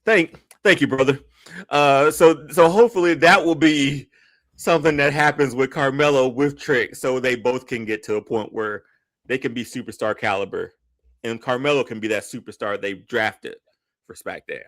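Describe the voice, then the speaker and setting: A man's voice: mid-range voice, moderate pace, no echo, studio quality. A man co-hosting a podcast, chatting casually and rambling a little as he searches for words. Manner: relaxed, rambling, repeats words while searching for phrases. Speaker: podcast co-host. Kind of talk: casual wrestling chat.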